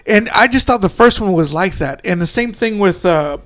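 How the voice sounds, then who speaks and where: A man's voice: high voice, expressive, moderate pace, fairly bright tone, no echo, clean studio sound. A man co-hosting a podcast in casual chat, rambling about films, laughing often and acting out movie lines. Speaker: podcast co-host.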